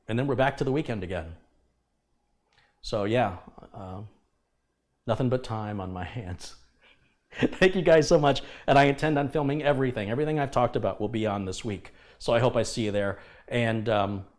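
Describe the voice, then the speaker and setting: A man's voice: fairly low pitch, darkish tone. Passionate, emphatic man hosting a livestream. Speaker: livestream host. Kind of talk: casual livestream talk.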